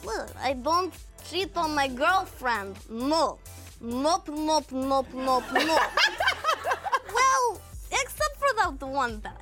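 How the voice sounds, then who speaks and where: A woman's voice: a little high, very slow, fairly bright tone, soft background music. A woman reading quoted lines in put-on comic accents for a talk show game. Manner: playful, giggly.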